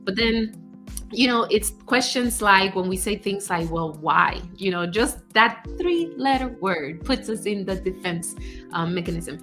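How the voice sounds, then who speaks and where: A woman career coach giving casual advice, animated, acting out example phrases and laughing often. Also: medium pitch, a little slow, faint music behind. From United States.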